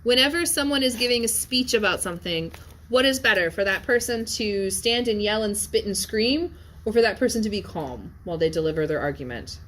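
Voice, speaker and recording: Brief woman Latin teacher, mid-pitched, conversational, keeps asking "yes?", classroom. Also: expressive, a little fast, a bit bright, a little hiss or hum. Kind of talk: classroom lecture with discussion.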